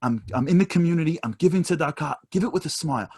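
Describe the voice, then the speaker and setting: Husky, emphatic motivational speaker. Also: male voice, a little high, fast. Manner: emphatic, repetitive, animated preacher-like delivery. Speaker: guest speaker. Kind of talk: motivational talk.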